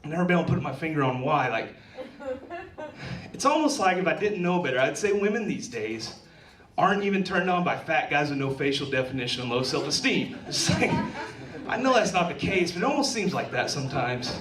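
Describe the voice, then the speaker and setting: A man in his thirties doing a stand-up set, ranting and shouting in mock anger. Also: fairly high pitch, very animated, a little fast. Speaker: stand-up comedian. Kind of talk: stand-up set from an old recording. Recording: echoey club recorded from far off. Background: crowd laughing.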